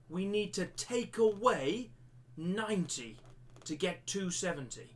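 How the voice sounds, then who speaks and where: A man's voice: high voice, animated, slow. A man teaching a live-streamed maths lesson step by step, slipping into a jokey pirate-like accent. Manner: explains step by step, repeating himself.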